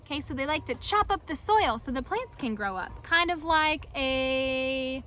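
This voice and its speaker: Woman reading to children, animated, asks questions, high voice, slow pace. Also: a little hiss or hum, poor audio. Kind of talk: children's story read-aloud.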